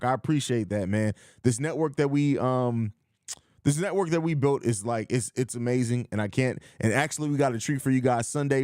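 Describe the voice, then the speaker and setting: A man's voice: medium pitch, a little mellow, smooth, dry recording, clean studio sound. Blunt, emphatic man hosting a chat show. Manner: blunt, emphatic, reads out viewer comments. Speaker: podcast host. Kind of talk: casual live post-game chat.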